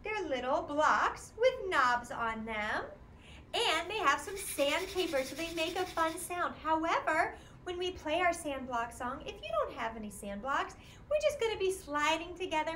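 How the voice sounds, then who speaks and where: High, sing-song children's music teacher woman. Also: expressive, moderate pace, a bit bright, a little hiss or hum. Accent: Midwestern American. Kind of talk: interactive kids' music class. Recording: echoey room, faint ambience.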